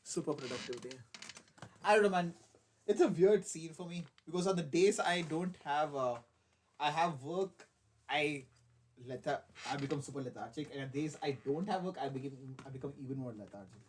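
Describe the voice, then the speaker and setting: A man's voice: on the high side, moderate pace, breathy edge. A young man, chatting on a casual live stream while building a model kit, hyper, giggly, swearing and rambling. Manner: hyper, giggly and profane, rambling self-mockery.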